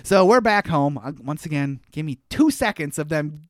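A man's voice: on the high side, expressive, moderate pace, no room sound, clean studio sound. A young man with a Minnesota accent, casually recapping a movie on a podcast and laughing often. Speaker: podcast co-host.

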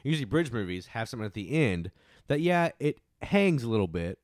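A man's voice: medium pitch, fairly quick, dry recording, studio quality. A man co-hosting a podcast, chatting casually about a movie and acting out lines from it. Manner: animated, quotes characters in put-on voices. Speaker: podcast co-host. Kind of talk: casual movie review chat.

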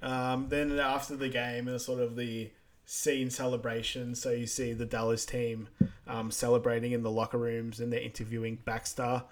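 Relaxed male podcaster recapping a plot. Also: medium pitch, normal speed, slight background noise. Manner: relaxed, recaps plot with many ums and quiet laughs. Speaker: podcast co-host. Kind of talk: casual movie rewatch chat.

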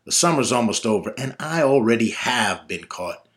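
A man voicing his father, a boisterous, gruff middle-aged dad who talks loud and excited. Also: medium pitch, normal speed, voice pushed up, natural voice. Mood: boastful.

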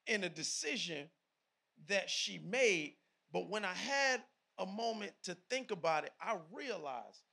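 Husky, bright-voiced preaching man. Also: high-pitched. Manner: preaching with sudden loud bursts and asides to the congregation. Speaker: pastor. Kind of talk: sermon.

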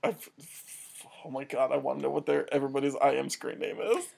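A woman's voice: a bass voice, fast, gravelly, a little mellow, a little hiss or hum. A woman co-hosting a podcast, recapping a TV episode in casual chat, laughing often and drifting into side stories. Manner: laughs often, chatty, digressive. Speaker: podcast co-host.

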